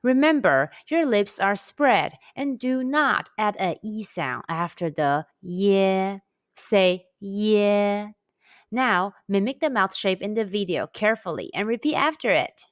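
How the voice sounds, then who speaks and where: A woman narrating a language lesson, drilling sounds slowly and carefully for learners to repeat. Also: medium pitch, animated. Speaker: language teacher.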